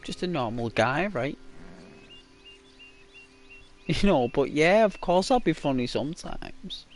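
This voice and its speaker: A man's voice: a little high, animated, slow pace. Rambling Liverpool man streaming a game. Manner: rambling, chatty, keeps tagging on "right?" and "you know". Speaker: YouTuber. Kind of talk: casual gaming livestream chat.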